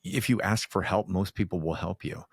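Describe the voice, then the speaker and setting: A male podcast host with a deep voice, recorded dry and close. He reflects on his guest's story and sums it up in an affirming way. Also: moderate pace, dry recording. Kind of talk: conversational interview.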